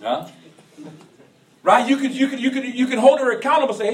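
A man preaching a sermon as pastor, in a call-and-response style that rises to shouts. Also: very high voice, lively intonation, brisk. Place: church sanctuary. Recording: echoey church hall from far off.

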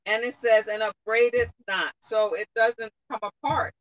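A speaker explaining a Bible verse phrase by phrase, in a halting way. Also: medium pitch, steady tone, a bit bright, lo-fi sound. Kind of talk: scripture explanation.

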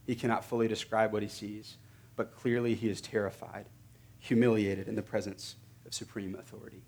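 Male pastor, sermon, lowish voice, earnest, emphatic repetition. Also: flat delivery, a little fast, a little mellow, breathy edge.

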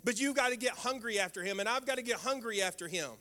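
An older man, a pastor, preaching a sermon with animated storytelling and sudden exclamations. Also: very high voice, quick pace. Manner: animated storytelling with sound effects and prayer.

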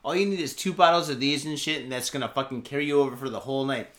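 A man co-hosting a podcast, chatting casually over beers, excitable and profane, laughing often. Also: mid-range voice, very fast. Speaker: podcast co-host. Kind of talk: casual drinking chat.

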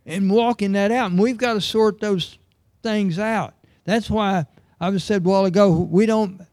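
Slow, warm-voiced preacher man. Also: high voice, dry recording, studio quality. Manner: earnest, emphatic, reads scripture aloud. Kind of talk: sermon.

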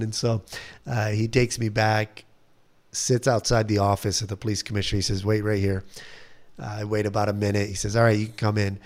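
A man, a missionary, telling a personal story in a lively way, acting out what others said and laughing at himself. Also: lowish voice, brisk. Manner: animated retelling, acts out quoted voices, laughs at himself.

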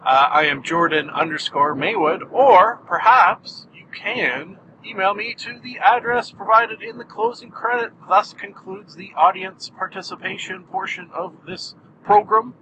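A man's voice: high-pitched, measured pace, pushed and bright, muffled recording, slight background noise. A man hosting his own podcast in a rambling, self-mocking, jokey way, recorded in a car while driving. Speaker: podcast host. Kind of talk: casual rambling monologue.

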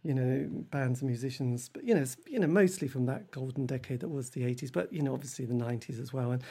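A man hosts a loose interview over a video call, his voice husky and dark-toned. He rambles, circling back with fillers and half-finished restarts. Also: mid-range voice, quick pace. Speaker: podcast host interviewing a musician.

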